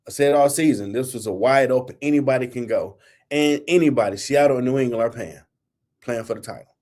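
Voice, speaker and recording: A middle-aged man hosting a sports talk show, blunt and fired up. He scolds teams and players in loose, slangy everyday talk, with a steady mid-range voice. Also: mid-range voice, a little fast. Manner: blunt, heated, colloquial, scolding. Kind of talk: opinionated sports rant.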